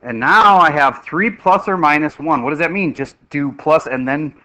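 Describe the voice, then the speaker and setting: A middle-aged man teaching a math class, lively and joking as he quizzes his students. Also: fairly high pitch, normal speed, rough recording.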